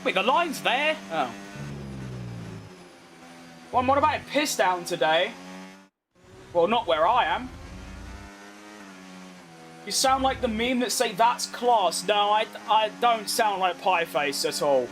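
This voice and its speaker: A man with a London accent streaming a racing game, chatting with viewers and yelling excitedly at the race. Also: high-pitched, slow, pauses often, faint music behind. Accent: London English. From London, England. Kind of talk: live gameplay commentary and chat.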